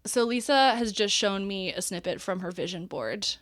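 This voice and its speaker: A middle-aged woman hosts a podcast in a loose, frank way and curses without a second thought. Her voice is close and dry, with no room sound around it. Her pitch sits in an ordinary middle range. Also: lively intonation, moderate pace, fairly bright tone, no echo. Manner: frank and swears freely. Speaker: podcast host. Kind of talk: casual chat.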